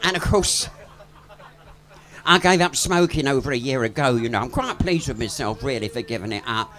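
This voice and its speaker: A man's voice: mid-range voice, lively intonation, normal speed, bright, forceful tone, some chatter behind. A man doing live stand-up patter on a pub stage, chatty and bawdy, swearing freely and laughing at his own jokes. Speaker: pub comedian and singer.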